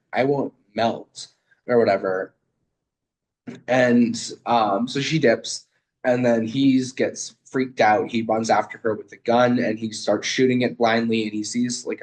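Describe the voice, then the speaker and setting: A man's voice: medium pitch, low-quality recording. A young man and student giving a casual, rambling literary video essay over a video call, with lots of fillers and swearing.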